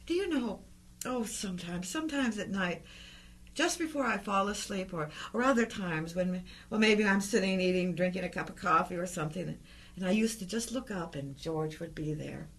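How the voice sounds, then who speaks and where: A woman acting an older grieving widow in a radio play, speaking in halting, stammering phrases. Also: on the low side, lively intonation, breathy edge. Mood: hesitant.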